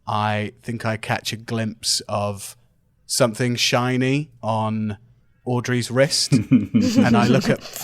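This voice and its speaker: A man's voice: on the low side, a bit bright, dry recording. A man playing a tabletop game, narrating his character's actions in a laid-back way. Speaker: player. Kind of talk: tabletop role-play.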